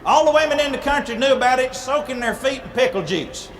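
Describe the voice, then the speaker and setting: A man retells a fairy tale for laughs in a folksy, playful manner, throwing in vocal sound effects. His voice sits very high for a man. Steady room noise runs underneath. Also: a little fast, big-room sound. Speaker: speaker at church ladies' night. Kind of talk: comic storytelling.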